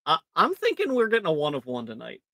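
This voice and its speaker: A man's voice: a little high, wildly swooping pitch, fast, gravelly, bright, forceful tone, no room sound, studio quality. A man hosting a live card break stream in casual chat, jokey and self-mocking, rambling with fillers and laughing often.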